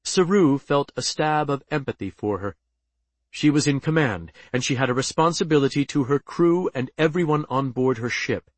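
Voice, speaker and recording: Steady male audiobook narrator, dry studio sound. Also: medium pitch, moderate pace, no echo.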